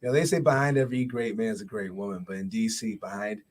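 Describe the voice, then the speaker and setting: A man's voice: lowish voice, steady tone, fast talker, darkish tone. A man from Washington, D.C., an elected official, speaking as a guest in a studio interview, polished and earnest. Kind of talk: casual interview talk.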